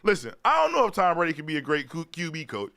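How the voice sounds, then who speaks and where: A man's voice: fairly high pitch, wildly swooping pitch, fast talker, gravelly. Man hosting a casual sports talk stream. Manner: loose slang-heavy chat, repeats "you know what I'm saying"; reads viewer chat aloud and shouts out viewers. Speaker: sports talk show host.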